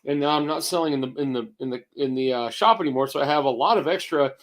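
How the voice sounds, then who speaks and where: A man in his fifties co-hosting a casual chat, gruff and rambling, with restarts and swearing. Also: mid-range voice, fast talker. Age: 50s. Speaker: co-host.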